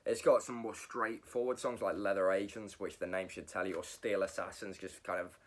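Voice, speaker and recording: A man reviewing metal albums in a casual, rambling monologue, sick, often correcting himself and filling pauses with ums. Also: deep voice, fairly even intonation.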